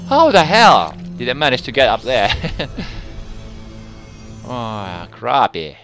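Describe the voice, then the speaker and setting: Man, live gameplay commentary, swearing, taunting, slow delivery, game music faintly behind. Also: medium pitch, huge pitch swings. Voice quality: swings from muttering to shouting, swears often. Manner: taunting opponents. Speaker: gamer with facecam commentary.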